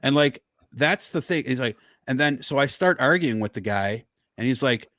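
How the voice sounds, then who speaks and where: Man guest, mid pitch, dry sound, fired-up storyteller swearing freely. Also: normal speed, fairly bright tone, no echo. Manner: heated, profane storytelling. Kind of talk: casual chat.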